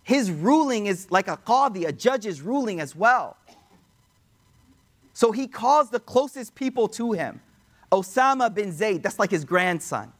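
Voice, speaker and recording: A man's voice: sits high, lively intonation, unhurried. A man telling a religious story as a sermon, conversational, addressing listeners directly and weaving in Arabic quotations. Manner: conversational, addresses audience as y'all, quotes Arabic. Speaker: preacher.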